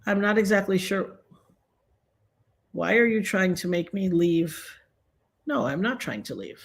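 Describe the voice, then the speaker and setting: A middle-aged woman hosting a casual livestream on a computer microphone, talking in an earnest, preachy way and breaking into sudden high exclamations. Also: animated, measured pace. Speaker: livestream host.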